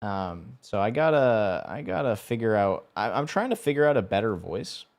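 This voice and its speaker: A man's voice: on the low side, very animated, moderate pace, darkish tone. Young guy streamer, rambly and chatty, voice swoops up and down a lot. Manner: rambling, stumbling, laughing often. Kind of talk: casual live-stream chat.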